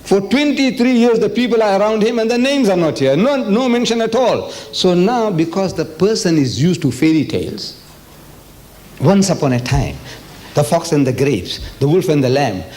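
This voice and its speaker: An older man from South Africa giving an animated public religious lecture, asking the audience questions and reading passages aloud. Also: high-pitched, moderate pace.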